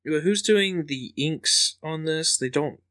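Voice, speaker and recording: A man's voice: on the high side, slow, fairly bright tone. A man co-hosting a casual comic book podcast, laid-back and chuckling as he jokes. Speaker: podcast co-host.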